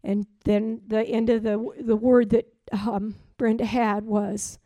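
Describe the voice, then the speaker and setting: A woman preaching, telling a spiritual testimony in an earnest storytelling way, sometimes trailing off quietly. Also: on the high side, flat delivery, slow, hardly any pauses, dry recording. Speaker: prophetic speaker. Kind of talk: sermon testimony.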